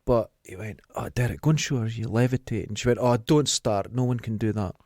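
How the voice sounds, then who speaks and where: On this dry, studio-quality podcast recording, the Scottish host, middle-aged, speaks a little fast in a mid-range voice. He's an animated storyteller who chats casually and performs other people's quotes.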